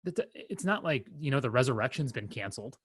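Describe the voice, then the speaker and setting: Young man, podcast co-host, rambling and halting, wry humor, mid-pitched voice, dry close sound. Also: lively intonation, a bit bright, slightly rough, no echo. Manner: rambling, halting with many fillers and restarts; wry, self-deprecating humor. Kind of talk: casual chat.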